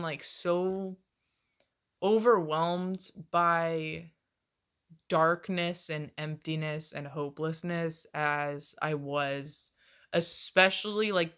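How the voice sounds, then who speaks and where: A woman's voice: sits low, a bit bright, smooth. A woman in her late twenties rambling casually in a confessional vlog, swearing often and laughing between phrases. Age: late 20s. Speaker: vlogger.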